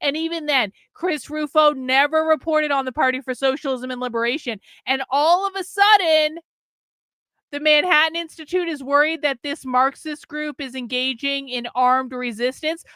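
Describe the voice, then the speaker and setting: A woman's voice: high-pitched, no room sound, clean studio sound. A woman hosting a livestream, giving casual, profane, sarcastic commentary a few beers in. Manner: profane, animated, sarcastic, mocking. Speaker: political commentary livestream host.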